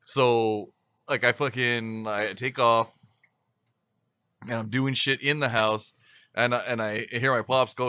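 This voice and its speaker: Bright-voiced man telling a profane story. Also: lowish voice, steady tone, a little slow, clear, resonant tone, dry recording. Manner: profane, rambling storyteller who laughs often. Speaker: podcast co-host. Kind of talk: casual chat.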